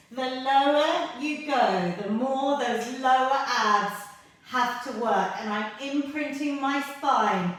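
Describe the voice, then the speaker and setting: A woman's voice: high-pitched, slow, a bit bright. A woman fitness instructor coaching a workout from the mat, encouraging and out of breath as she exercises along. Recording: echoey room, voice from far off mic.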